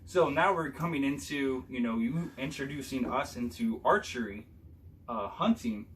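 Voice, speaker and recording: A man's voice: mid-range voice, moderate pace, far from the mic, faint music behind. A young adult man casually prompting his father for stories, informal with many fillers. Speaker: son interviewing his father. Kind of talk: casual conversational interviewing.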